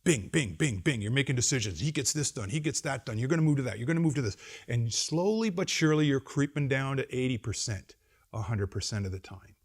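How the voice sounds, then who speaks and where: A middle-aged man speaks as a pastor addressing a room of seminary students, his voice sitting at an ordinary, mid-range pitch. He talks with wry humor, leaning hard into some words and dropping to near-murmurs on others. His delivery has the lively push and pull of a seasoned preacher. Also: fairly quick. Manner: animated, swinging between loud emphasis and quiet asides; wry humor and acted-out quotes. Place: seminary campus lecture.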